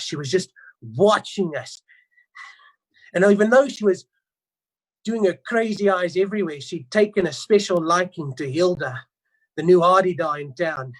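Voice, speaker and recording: A man's voice: high voice, poor audio. Paranoid gossipy male crow, sure everyone is up to no good, improvised by an actor. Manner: conspiratorial, dramatic, suspicious. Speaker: improv performer. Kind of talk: improvised first-person storytelling. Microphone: video call.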